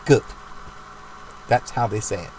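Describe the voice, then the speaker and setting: A man's voice: medium pitch, animated, normal speed, darkish tone, slight background noise, poor audio. A man giving a rambling, emphatic religious monologue for his videos, with frequent restarts. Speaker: video maker.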